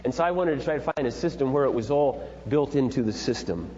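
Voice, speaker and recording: Lively middle-aged man teaching in an echoey hall. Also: mid-range voice, fast talker. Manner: rambling, folksy and animated. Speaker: seminar leader. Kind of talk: parenting seminar talk. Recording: dull echoey hall with faint hum.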